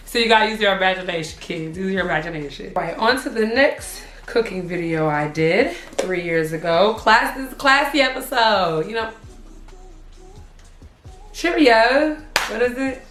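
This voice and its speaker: A woman's voice: on the low side, fairly bright tone. A young woman vlogger reacting to her old videos, giggly and teasing herself in casual commentary. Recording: echoey room with faint music.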